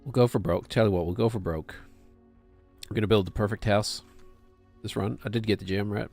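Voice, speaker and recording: A man's voice: lowish voice, fairly even intonation, fairly quick, darkish tone, faint music behind. Man thinking aloud over a game. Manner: thinking aloud, talking to himself and chat. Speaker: game streamer. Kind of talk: casual gameplay commentary.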